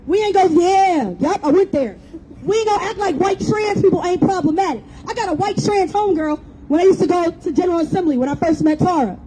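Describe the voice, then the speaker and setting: A woman's voice: very high voice, mellow, a little hiss or hum, low-quality recording. A woman giving an impassioned rally speech outdoors, blunt and profane, with mocking jokes. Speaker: rally speaker. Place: outdoor public rally in a city square.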